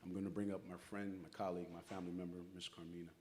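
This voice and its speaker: A man's voice: little pitch movement, racing, dark tone, slight background noise. Folksy middle-aged male emcee telling a story. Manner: folksy storytelling, acts out quotes with big pitch jumps. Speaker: master of ceremonies. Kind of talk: uplifting speech with a personal story. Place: church hall at an awards ceremony.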